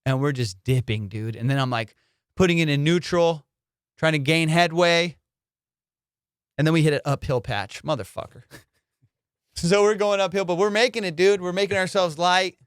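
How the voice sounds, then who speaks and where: Animated storytelling comedian, clear voice. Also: male voice, fairly high pitch, moderate pace, pauses often, no room sound, clean studio sound. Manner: excitable, profane, slangy. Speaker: comedian podcast host.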